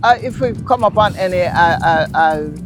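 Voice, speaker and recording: A woman from Jamaica with a Jamaican accent, a guest explaining local words in a casual interview, telling stories in an animated, emphatic way. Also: fairly low pitch, moderate pace, music in the background. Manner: animated storyteller, lively and emphatic.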